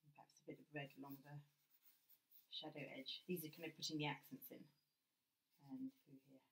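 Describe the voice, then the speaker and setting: Woman, British accent, low voice, art teacher, gentle, thinks aloud mid-drawing. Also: little pitch movement, fairly quick, creaky. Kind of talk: drawing lesson while working.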